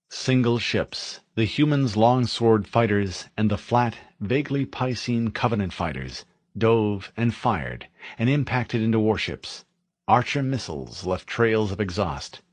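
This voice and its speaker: A man narrating a military science fiction novel in a steady, dramatic audiobook reading. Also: lowish voice, no room sound.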